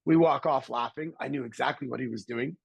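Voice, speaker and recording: A middle-aged man from Canada, a podcast guest telling stories in a lively conversational way and acting out the voices of people he quotes. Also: medium pitch, brisk, gravelly, husky, no room sound, rough recording. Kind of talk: conversational storytelling.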